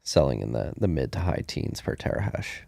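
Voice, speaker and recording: A man's voice: very deep voice, very animated, a little fast, creaky, warm tone, no room sound, clean studio sound. A man co-hosting a podcast, chatting casually about the news and thinking aloud with plenty of fillers. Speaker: podcast co-host.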